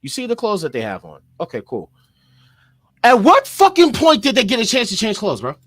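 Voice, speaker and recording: Animated man co-hosting a wrestling podcast. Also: high-pitched, brisk, no echo. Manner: animated, swears, asks leading questions. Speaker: podcast co-host. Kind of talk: casual wrestling chat.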